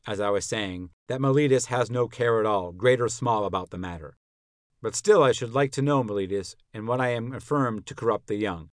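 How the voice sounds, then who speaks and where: A man's voice: lowish voice, no room sound, studio quality, close to an everyday voice. A man voicing an elderly philosopher on trial, questioning his accuser in a rhetorical, pointed way. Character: elderly male philosopher on trial, probing and ironic. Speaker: podcast narrator. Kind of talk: dramatic reading of a classical dialogue.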